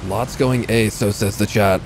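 A man's voice: fairly low pitch, steady tone, unhurried, slight background noise. A male streamer giving casual, chatty live commentary while he plays, answering his chat between moments of the match.

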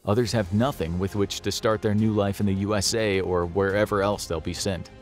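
A man's voice: fairly low pitch, steady tone, fairly quick, faint music behind. A man narrating a scripted documentary in a grave, dramatic storytelling manner.

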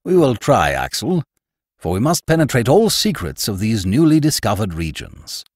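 A man's voice: mid-range voice, big pitch swings, normal speed, dry recording, studio quality. A man doing a confident, lecturing old professor. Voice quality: assured, explanatory. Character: confident older male professor, lecturing uncle.

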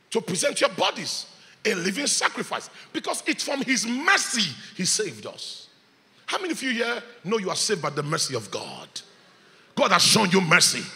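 A man, preaching a sermon as pastor, swinging between shouts and hushed lines. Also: sits high, in a large hall. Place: church hall.

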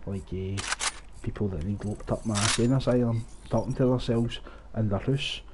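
A man's voice: lowish voice, moderate pace, background noise. A young man giving sarcastic, sweary commentary while playing a shooter at home on a headset. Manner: sweary, sarcastic, laughing often. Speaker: gaming streamer. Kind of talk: casual gameplay commentary.

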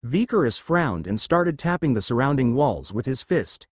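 A man's voice: mid-range voice, big pitch swings, moderate pace, dry recording, clean studio sound. A man reading fan fiction aloud as a narrator, telling the story expressively. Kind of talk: scripted fanfic narration.

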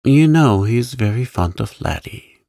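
A man voicing a gentle farm aunt who soothes her husband, in a calm bedtime story reading. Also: mid-range voice, moderate pace, creaky, dry recording, clean studio sound. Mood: soothing.

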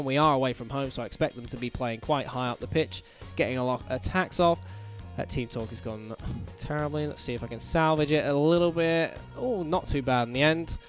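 A young man giving casual let's-play commentary on his own game, chatty and bursting into excited shouts at the players. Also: mid-range voice. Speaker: gaming channel host.

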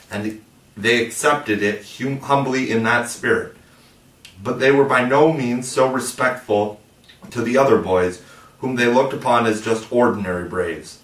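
A man narrating a classic storybook in a measured, expressive reading. The recording is roomy. He sits away from the mic. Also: mid-range voice, recorded from a distance. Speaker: audiobook narrator.

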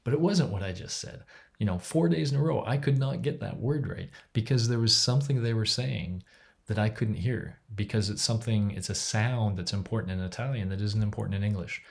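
A man's voice: lowish voice, a little fast, gravelly. A man giving a university psychology lecture in a chatty, enthusiastic way, with many fillers and restarts.

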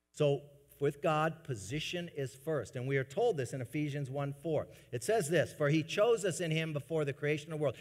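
A man preaching a sermon to his congregation, swinging between soft, low asides and loud, emphatic bursts. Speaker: pastor. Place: church sanctuary. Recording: long church reverb.

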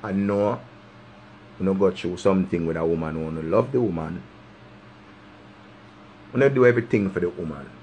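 With slight background noise behind him, a man in a low, darkish voice preaches life advice into the camera with passion and a Jamaican accent. He keeps a moderate pace, leaves long pauses, and says his points again and again for emphasis.

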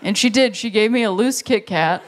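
A stand-up comic in their thirties telling a long story on a live stage, briefly acting out the people in it with quick voices. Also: mid-range voice, a crowd in the background, noisy background. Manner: storytelling, acts out characters in quick bursts. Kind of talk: stand-up comedy set. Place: live stage before an audience. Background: audience laughter.

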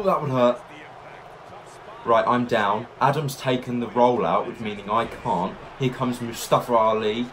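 A man giving excitable let's-play commentary, narrating each move and reacting loudly as he plays. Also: medium pitch, normal speed, a little hiss or hum. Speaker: gaming YouTuber.

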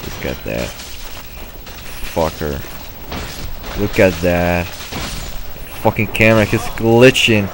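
A man's voice: low-pitched, sing-song, takes it slowly, pauses often, noisy background. A man commenting on his own gameplay, frustrated and swearing, muttering to himself.

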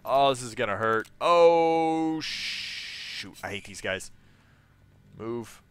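A man's voice: lowish voice, unhurried, fairly bright tone. A young man chatting casually on a live game stream, laughing often and reading viewers' messages aloud.

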